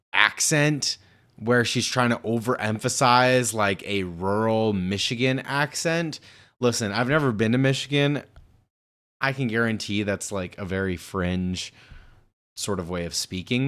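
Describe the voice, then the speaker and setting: A man's voice: medium pitch, fairly bright tone. A man giving casual reaction commentary on a political clip, blunt, sarcastic and profane.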